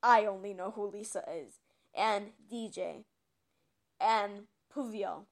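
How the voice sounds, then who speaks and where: A teenage girl with a husky, deeper-than-usual voice, rambling dramatically and mocking herself in a casual vlog monologue. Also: slow pace. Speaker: vlogger.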